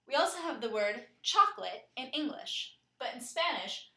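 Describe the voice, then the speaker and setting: A teacher, a woman with a voice on the high side, narrates a scripted lesson clearly and steadily, slowing down to spell out and pronounce words. The recording has a roomy sound.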